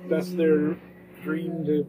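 A man's voice: fairly high pitch, completely flat delivery, slow pace. A man co-hosting a podcast, chatting casually and playfully while cooking at home. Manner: rambling, playful. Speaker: podcast co-host. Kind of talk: casual kitchen chat. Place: home kitchen. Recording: distant mic, faint room noise.

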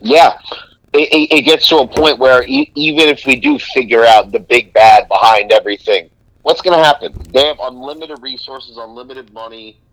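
A man in his twenties, a podcast guest in casual chat, agreeable and quick with profanity. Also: mid-range voice, fairly bright tone, dry recording, low-quality recording. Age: 20s.

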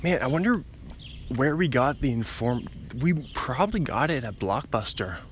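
This young man's solo podcast is recorded outdoors as he walks by a road, phone held to his ear. At a normal speed and medium pitch, his voice swings widely in pitch while he drifts between tangents, breaks off mid-thought, and laughs at himself. A little hiss or hum runs underneath.

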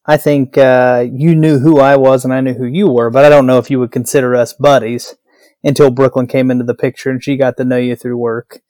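A man guesting on a casual podcast, speaking in a relaxed, matter-of-fact way. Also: mid-range voice, brisk, no echo.

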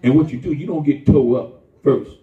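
A man preaching a lively, folksy sermon with call-and-response and shouts to the congregation. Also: on the high side, moderate pace. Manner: folksy, conversational, acts out quoted voices. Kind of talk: lively Palm Sunday sermon. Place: church sanctuary. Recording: echoey church heard from far off over a tinny line.

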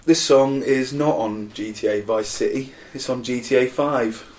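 A man co-hosting a casual music chat, jokey and quick to laugh. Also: medium pitch, a little mellow. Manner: jokey, breaks into silly put-on accents and laughter. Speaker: podcast co-host.

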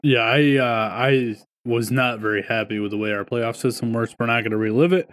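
A man's voice: mid-range voice, steady tone, brisk, fairly bright tone. A young man co-hosts a sports podcast, streaming from home. His voice sits in a middle range, and he talks bluntly, swears often and spins loose stories. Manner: blunt, profane, storytelling. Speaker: podcast co-host. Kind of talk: casual chat.

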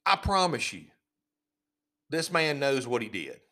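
Indignant man ranting with a lively voice. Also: medium pitch, measured pace. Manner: indignant, sarcastic, repeats himself. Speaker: podcast host. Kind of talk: casual ranting commentary.

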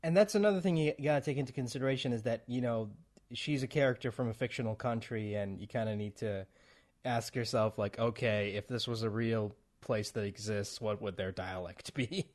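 A man's voice: mid-range voice, a little fast, darkish tone. A man interviewing a guest in a casual chat, asking questions with a fan's enthusiasm.

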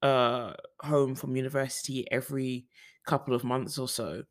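A young man from the UK chats casually to camera in a personal vlog. He rambles, restarts his sentences and leans on fillers, with a voice of ordinary pitch. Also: little pitch movement, moderate pace. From United Kingdom. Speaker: vlogger.

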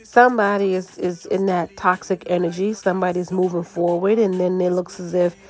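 A woman giving a casual, chatty podcast card reading, talking in an animated way and often checking in with "right?" and "you know". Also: lowish voice, a little fast, soft background music. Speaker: tarot card reader.

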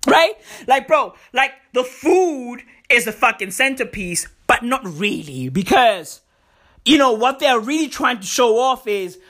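A woman's voice: fairly high pitch, sing-song, measured pace, fairly bright tone. A woman hosting her podcast alone, ranting with heavy swearing, sarcasm and a lot of repetition. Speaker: podcast host. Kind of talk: casual solo podcast rant.

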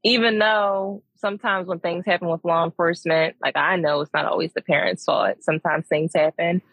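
A woman guest, a behavior analyst, explaining her work in a measured way on a podcast. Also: fairly low pitch, steady tone, fairly bright tone, husky, no room sound. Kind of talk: casual interview chat.

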